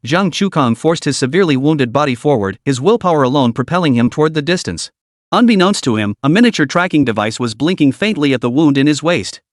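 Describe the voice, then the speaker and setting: A man reading a story aloud as narrator in an even, steady storytelling manner. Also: a little high, dry recording, studio quality. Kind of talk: scripted audiobook narration.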